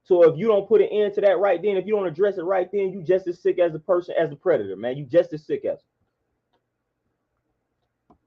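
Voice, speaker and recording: A man's voice: high voice, fairly quick, pauses often, breathy edge. A man, delivering an impassioned monologue in a preachy, repetitive, emphatic way. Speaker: vlogger. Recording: dull lo-fi sound.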